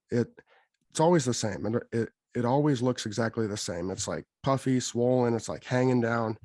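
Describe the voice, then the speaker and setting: A man co-hosting a podcast, telling a long, rambling story in a casual, animated way. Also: medium pitch, dry recording. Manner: rambling, animated, quotes others in his telling. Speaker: podcast co-host.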